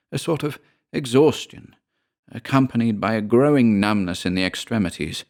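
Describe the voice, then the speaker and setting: A man narrating a ghost story in a measured, deliberate way, as an audiobook narrator. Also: low voice, gravelly.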